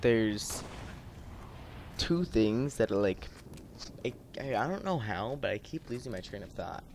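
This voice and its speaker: A man's voice: lowish voice, expressive, a little slow, darkish tone, slight background noise. A teenage boy rambling in casual gameplay commentary, full of fillers and frustrated ranting. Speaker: gaming YouTuber.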